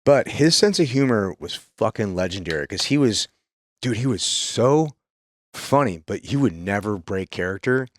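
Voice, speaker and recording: A man's voice: lowish voice, lively intonation, normal speed, a little hiss or hum. A man co-hosting a podcast, telling stories in a laid-back, profane way. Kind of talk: casual storytelling.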